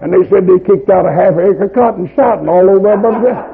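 Old southern preacher guy telling revival stories, real gravelly rough voice, gets shouty, sounds like an old phone-line tape. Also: sits high, fast talker. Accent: Southern American. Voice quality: gravelly, husky voice. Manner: rhythmic, rising to shouts at climaxes. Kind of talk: revival sermon storytelling.

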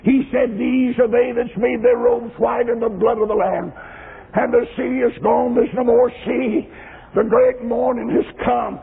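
A man preaching a sermon, rising into shouted, sung chanting with cries of praise. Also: extremely high pitch, steady tone, measured pace, gravelly, breathy edge. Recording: tinny lo-fi recording in echoing hall.

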